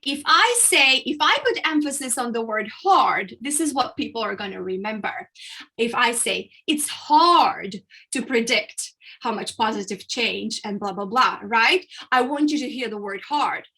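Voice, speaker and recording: A woman public speaking coach leads a training session, explaining ideas step by step. Her voice sits high and bright, and she stresses key words and pauses to show how emphasis works. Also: expressive. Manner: explanatory, emphatic, uses vocal variety and pauses.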